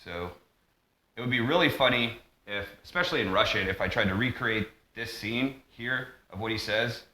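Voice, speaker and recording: A man talking through a loose monologue vlog, drifting from tangent to tangent and restarting his sentences. His voice is lowish with a bright, forceful edge. It bounces around an echoey room. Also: moderate pace. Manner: tangent-heavy, full of fillers and restarts. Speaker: vlogger.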